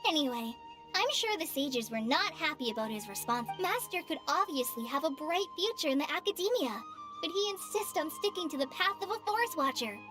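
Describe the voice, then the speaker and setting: Wysoki, łagodny głos nieśmiałej młodej strażniczki lasu z gry wideo. Mówi cicho i z wahaniem, często przeprasza, a intonacja żywo się zmienia. W tle słychać muzykę z gry. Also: female voice, sits high, lively intonation, brisk. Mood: earnest. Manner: soft-spoken, hesitant, apologetic. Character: shy, gentle young female forest ranger. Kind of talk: video game cutscene voice acting. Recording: game audio with music underneath. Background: game background music.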